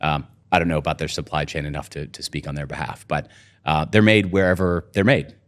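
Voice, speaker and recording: A man's voice: rumbling low, steady tone, brisk. A man, a company co-founder, talking through a casual podcast interview with lots of "you know" and "right?". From United States.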